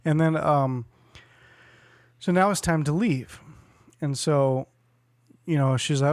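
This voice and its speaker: A man in his forties tells a long story on a podcast, slightly higher-pitched than most men. He acts out other people's lines and laughs as he goes. His voice sits close and dry on the mic. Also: measured pace, long pauses, no room sound. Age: 40s. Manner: animated storyteller who acts out quotes and laughs often. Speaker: podcast co-host. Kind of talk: casual storytelling chat.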